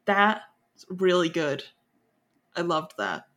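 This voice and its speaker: A guest on a podcast, chatting in a relaxed, agreeable way with many short affirmations. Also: medium pitch, slow pace. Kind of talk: casual podcast chat.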